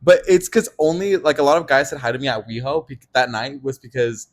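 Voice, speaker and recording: A young man in his twenties tells a story on a casual podcast, and his voice sits at an ordinary pitch. He is animated, laughs a lot and swears freely as he talks. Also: brisk. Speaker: podcast co-host. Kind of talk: casual chat.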